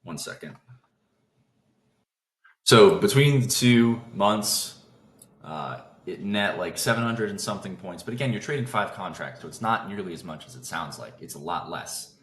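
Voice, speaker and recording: A man hosting a casual trading lesson. He talks fast, keeps breaking off his own sentences and restarts them. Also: sits low, lively intonation, a bit bright, roomy sound. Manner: fast talker who interrupts his own thoughts. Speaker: trading video host.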